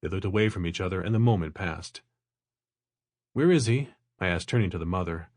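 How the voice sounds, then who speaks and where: A man narrating a nonfiction audiobook in the first person, at a measured, even pace. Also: sits low, no echo, clean studio sound.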